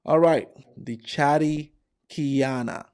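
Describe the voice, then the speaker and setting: A man's voice: on the high side, takes it slowly, darkish tone, clear, resonant tone. A man in his forties giving workplace advice, telling stories and acting out coworkers with lots of repetition. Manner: repetitive, acts out characters. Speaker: career vlogger. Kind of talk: animated storytelling advice.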